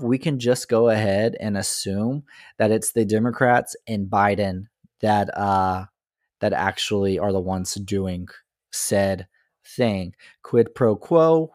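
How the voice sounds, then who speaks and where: A man's voice: fairly low pitch, darkish tone, no echo. Guy doing a mocky sarcastic rant, lots of rhetorical questions, dead dry mic. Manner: sarcastic, mocking. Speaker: political commentator. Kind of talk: opinion monologue.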